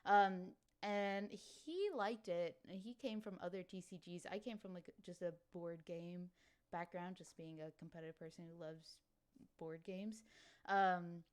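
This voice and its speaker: A woman's voice: lowish voice, clean tone. Chatty Louisiana woman co-hosting. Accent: slight Cajun. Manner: chatty, lots of "like" and quick laughs. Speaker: podcast co-host. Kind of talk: casual chat.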